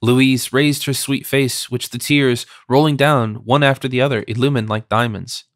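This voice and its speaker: Man reading an old adventure novel, steady pace, dry booth sound. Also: mid-range voice, normal speed, no room sound. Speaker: audiobook narrator. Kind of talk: scripted narration.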